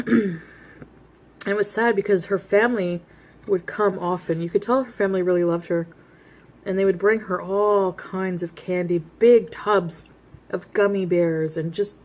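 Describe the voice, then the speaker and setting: A woman's voice: lowish voice, darkish tone. Woman eating through a confessional storytime. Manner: chatty and confessional, eating between sentences. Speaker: mukbang vlogger. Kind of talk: casual storytime while eating.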